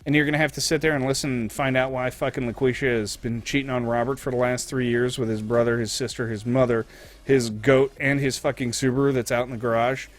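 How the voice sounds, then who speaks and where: A young man streaming live, ranting and telling stories in a casual, profane, animated way. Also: mid-range voice, fast.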